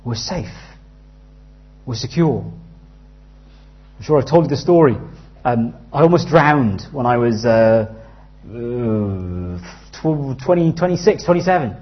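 A man in his thirties preaching a sermon earnestly, dropping to a hush and rising loud as he tells stories. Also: medium pitch, expressive, slow pace, long pauses. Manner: earnest, with big swings from hushed to loud in anecdotes. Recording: slightly dull, lo-fi sound.

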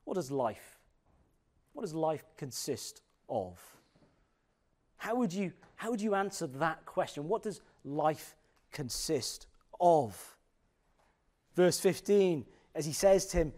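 Expressive preacher, higher voice. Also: male voice. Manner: expressive, drops to slow quiet emphasis on scripture. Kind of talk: sermon.

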